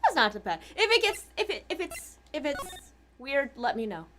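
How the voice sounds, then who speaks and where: Chatty woman streamer, really high and bouncy voice, game music going. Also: sing-song, normal speed, a bit bright, a little hiss or hum. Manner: chatty, giggly. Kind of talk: casual gameplay chat.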